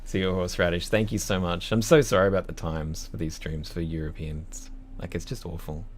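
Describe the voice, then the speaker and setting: A man's voice: low voice, level tone, fairly quick, a little hiss or hum. A young Australian man with an Australian accent, chatting casually on a livestream with a rambling, laid-back manner and frequent laughs. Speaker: composer streaming live. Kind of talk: casual livestream chat reading viewer messages.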